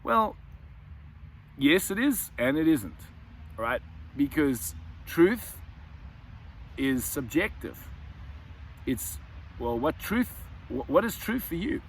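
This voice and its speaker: A man's voice: mid-range voice, expressive, slow pace, pauses often, a little hiss or hum. A man hosting a self-help video, musing in an unscripted monologue that often restarts and repeats words. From South Africa. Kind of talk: reflective monologue to camera.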